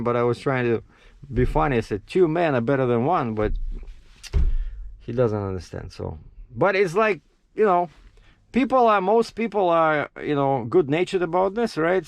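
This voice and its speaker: Animated trucker telling road stories. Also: male voice, fairly high pitch, no echo. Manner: animated, acts out his own quotes, laughs at himself. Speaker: truck driver. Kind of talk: casual vlog storytelling.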